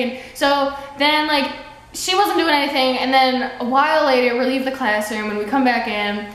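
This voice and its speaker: A teenage girl vlogs chattily, rambling through childhood stories and acting out quotes in a casual storytelling style. Her voice is high-pitched and a bit bright, with fairly even intonation at a moderate pace. The room is very echoey, with faint background noise and the sound of a sewing machine.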